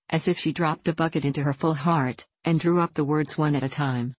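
Storybook narrator, woman, low-pitched, gentle and even, dry booth. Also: brisk, few pauses, dry recording.

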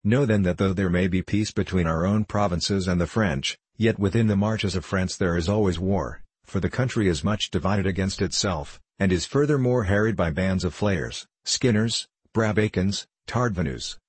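A swaggering soldier's voice, deep and husky, full of hearty boasts, as a male storyteller puts him on. The sound is close and dry, with no room around it. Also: moderate pace, hardly any pauses, no room sound. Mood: hearty boasting. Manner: hearty, boastful, free-spoken.

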